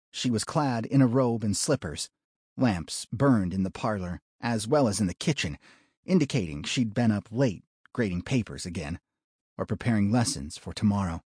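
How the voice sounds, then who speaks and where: A man narrates a western audiobook at a slow, deliberate pace. His voice is husky and moves widely in pitch. The sound is close and dry. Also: darkish tone, no room sound.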